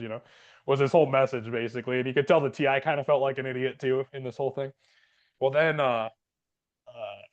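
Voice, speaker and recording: A man with a mid-range voice, recorded with lo-fi sound, is a podcast co-host and Air Force veteran. In a casual chat, he tells a rambling story, restarting often and using many fillers.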